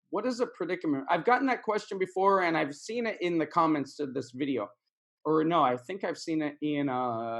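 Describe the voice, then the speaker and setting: A man teaching English in a casual video lesson, repeating words and phrases for practice. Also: on the high side.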